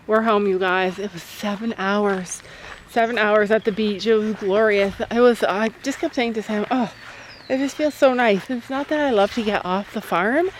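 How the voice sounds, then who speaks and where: A woman's voice: fairly high pitch, normal speed, low-quality recording. Chatty woman vlogging outdoors. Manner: chatty, talks to her goats. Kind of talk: casual vlog talk to camera. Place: outdoors on a farm with goats. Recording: outdoor farm noise. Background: goats bleating.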